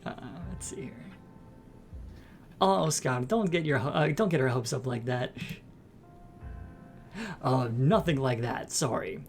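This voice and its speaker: A man's voice: mid-range voice, a little slow, long pauses, soft background music. Playful man reading game text. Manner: playful, jokey asides. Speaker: let's play host.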